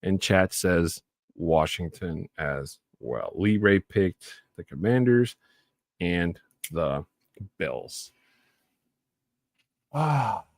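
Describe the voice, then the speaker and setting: A fairly low-voiced man runs a solo sports talk show in a loose, casual way, talking through the games as if to friends in chat. His shout-outs and sign-offs jump up in energy and volume. The sound is dry and close, with no room around it. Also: lively intonation, very slow, pauses often, no room sound. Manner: casual and chatty, swells into loud enthusiastic shout-outs.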